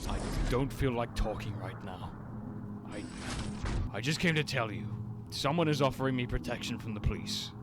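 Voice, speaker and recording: A man voicing a weary, hunted male robot rebel leader in a fan audio drama, speaking with passion that sinks into quiet defeat. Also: medium pitch, animated, normal speed, very noisy, lightly acted. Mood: subdued. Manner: impassioned, then quietly defeated.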